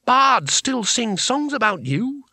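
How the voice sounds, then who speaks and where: Brief: man voicing earnest young woman, soft questioning tone, much higher pitch. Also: sing-song, slow, gravelly, slightly rough, no echo, studio quality, full character voice. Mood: incredulous.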